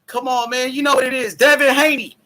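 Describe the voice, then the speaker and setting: Very high-voiced man talking trash. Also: flat delivery, a little fast. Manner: loud, profane trash talk. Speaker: host. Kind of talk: casual boxing talk stream.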